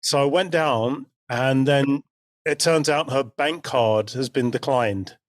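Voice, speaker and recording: A man in his forties, co-hosting a podcast and telling a story in a relaxed, unhurried, chatty way. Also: medium pitch, no room sound, clean studio sound. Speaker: podcast co-host. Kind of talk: casual chat.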